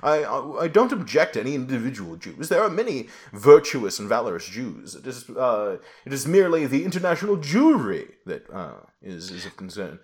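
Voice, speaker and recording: A man's voice: a little high, lively intonation, slow, a bit bright. A man putting on the voice of a pompous, posh conservative bigot who speaks haughtily in a falsely reasonable tone. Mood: mock-polite.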